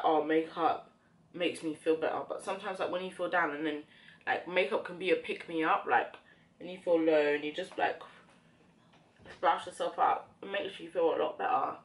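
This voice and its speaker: A woman's voice: sits low, fairly even intonation, moderate pace, long pauses. A young woman vlogger chatting casually while doing her makeup, talking in a reflective, rambling way with many fillers. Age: young adult. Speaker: beauty vlogger.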